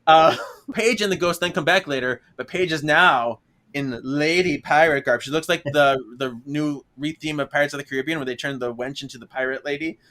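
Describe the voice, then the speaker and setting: A man's voice: on the high side, a little fast. A man co-hosting a podcast in casual chat, recapping a book with lots of laughter and acted-out lines. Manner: animated, laughing often, acts out characters' lines. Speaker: podcast co-host.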